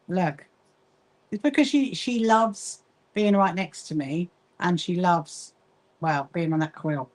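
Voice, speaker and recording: A middle-aged woman with a fairly low, slightly mellow voice is heard on a rough recording. The quilting association founder hosts a laid-back sewing livestream, saying hello to viewers by name and losing her train of thought easily.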